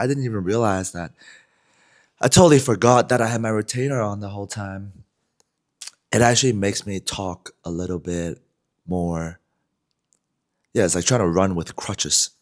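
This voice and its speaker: A man vlogging, talking casually to the camera in a relaxed, rambling way, with lots of "you know" and "like". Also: deep voice.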